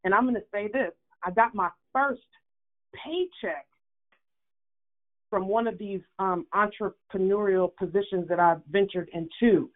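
An earnest, upbeat woman shares a testimony on a prayer call. She comes through a thin phone line at an ordinary pitch. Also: a little slow. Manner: earnest, upbeat, talks with many fillers. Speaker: caller sharing a testimony.

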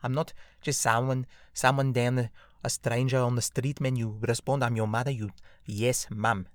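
A man's voice: little pitch movement, moderate pace, dry recording, clean studio sound, natural voice. Man mimicking his angry South African mother. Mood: scolding. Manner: scolding, raised higher voice. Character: angry strict middle-aged immigrant mother.

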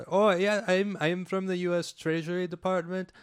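A man's voice: high-pitched, level tone, normal speed, clean tone, voice pushed up, natural voice. A man imitating a male phone scammer posing as an official, with a put-on accent and stammering, overly polite talk. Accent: put-on foreign accent.

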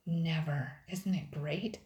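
A woman's voice: deep voice, slow, warm tone, dull audio. A woman voicing an eager, curious young boy in a storybook reading, recorded in an echoey room.

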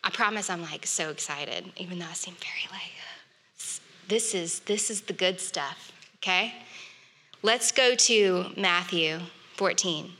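A woman's voice: on the low side, slow, bright, forceful tone. A woman preaching a sermon in an earnest, conversational way, with casual fillers. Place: church hall. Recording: long reverb of a church hall.

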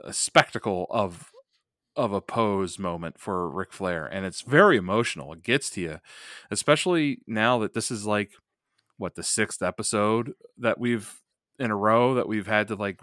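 Low-voiced man in rambling casual chat. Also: smooth, no room sound, clean studio sound. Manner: animated, rambling with many fillers. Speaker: podcast co-host. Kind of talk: casual chat reviewing a wrestling match.

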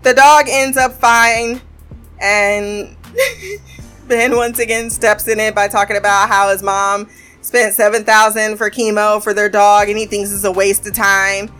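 A woman giving a casual, profane recap of a TV episode. She laughs often and talks in an animated way. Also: mid-range voice, measured pace, soft background music. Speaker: show reviewer.

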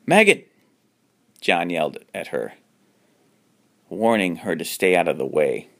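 Man, deep voice, gravelly, amateur story reading, frequent restarts. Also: lively intonation, measured pace. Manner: jumps up in pitch for characters' lines. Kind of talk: reading a homemade horror story aloud.

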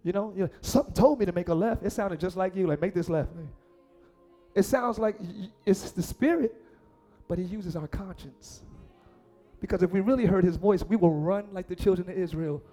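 High-voiced animated preaching man. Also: brisk, faint music behind. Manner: animated preaching, acts out voices, shouts for emphasis. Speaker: pastor. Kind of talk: sermon.

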